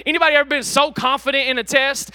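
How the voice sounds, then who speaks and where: High, bright-voiced energetic pastor. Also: male voice, quick pace, no echo. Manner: energetic, joking with the congregation. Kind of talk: sermon. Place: church auditorium with live congregation.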